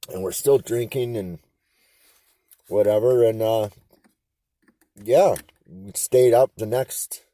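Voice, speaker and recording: A man's voice: on the low side, warm tone, no room sound. Laid-back man spinning a yarn. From Canada. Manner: rambling, profane, laid-back. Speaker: interviewee. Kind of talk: casual storytelling.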